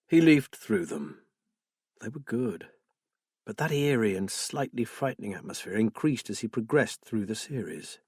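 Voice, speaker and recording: A man reading a suspense novel aloud in measured, subdued scripted narration. His voice is husky, with an even middle pitch, and the recording is close and completely dry with no room sound. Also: no echo. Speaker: audiobook narrator.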